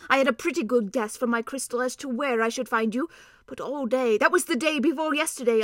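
A woman's voice: high voice, sharp tone, no room sound, clean studio sound, pitched above the performer's own voice. A woman voicing an earnest, learned old male doctor who explains plans in an urgent way.

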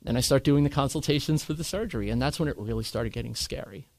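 A man candidly recounting a hard experience in conversation, earnest and animated when he quotes others. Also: mid-range voice, fast talker, no echo. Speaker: guest sharing his cancer story.

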